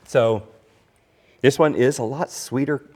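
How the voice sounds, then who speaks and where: A man's voice: medium pitch, a little slow, a little mellow. A man hosting a casual whiskey tasting chat, rambling like a storyteller with many restarts. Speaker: podcast host.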